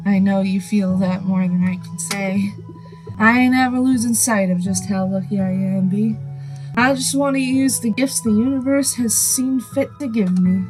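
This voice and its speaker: A woman's voice: medium pitch, close to an everyday voice, low-quality recording. A woman voicing an older rancher woman who talks in a homespun way, full of folksy sayings.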